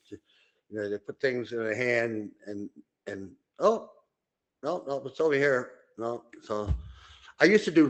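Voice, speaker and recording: An older man co-hosting a podcast, telling long rambling anecdotes full of fillers and restarts, and jumping into high voices when he quotes people. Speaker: podcast co-host. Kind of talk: casual storytelling chat.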